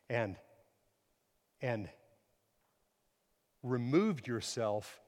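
Middle-aged guy preaching, gets loud then quiet, stumbles over words, big hall echo. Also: medium pitch. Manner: emphatic, swings from quiet to loud, repeats words. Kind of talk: sermon.

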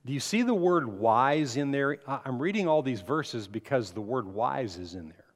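A man's voice: mid-range voice, animated, moderate pace. A man preaching a sermon, asking the congregation questions and building emphasis as he speaks. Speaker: pastor. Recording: long hall reverb.

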